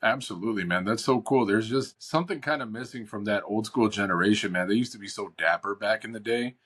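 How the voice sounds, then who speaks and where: A man from Chicago hosts a casual podcast chat, rambling easily with slangy asides. His voice sits on the low side. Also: fast talker, fairly bright tone, breathy edge. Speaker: podcast host.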